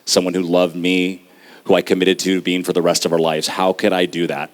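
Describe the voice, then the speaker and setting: A man in his thirties giving an earnest, confessional storytelling talk on stage, with dramatic pauses. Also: low voice, level tone. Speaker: speaker. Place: stage at a live talk event.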